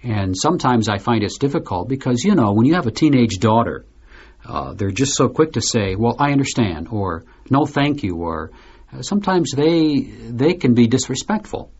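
A man hosting a slow, clearly spoken discussion for learners, explaining things patiently. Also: mid-range voice, sing-song, a little mellow. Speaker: host. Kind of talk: scripted learner podcast discussion. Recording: dull lo-fi recording.

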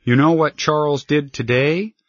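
A man's voice: medium pitch, sing-song, takes it slowly, fairly bright tone, breathy edge, dry recording, muffled recording, full character voice. A man doing a cocky little schoolboy. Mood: gleeful. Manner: cocky, blunt. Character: rude boastful young schoolboy.

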